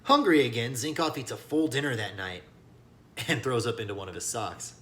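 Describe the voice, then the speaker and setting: A man teaching as he reads a children's novel aloud, with lively asides that speak to young listeners. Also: medium pitch, a little fast. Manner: animated, addresses listeners as kiddos. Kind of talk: read-aloud storybook narration with lesson asides.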